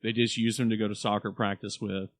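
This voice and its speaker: A man's voice: fairly low pitch, little pitch movement, quick pace, dry recording. Man, podcast co-host, boisterous, joking, dry close sound. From Oklahoma. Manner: boisterous, joking, slips into comic voices. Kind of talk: casual chat.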